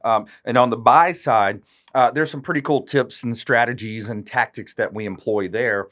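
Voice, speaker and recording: A man's voice: medium pitch, moderate pace, a bit bright. A man, a real estate agent on a podcast, explaining negotiation with examples and rhetorical questions. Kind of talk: casual podcast chat.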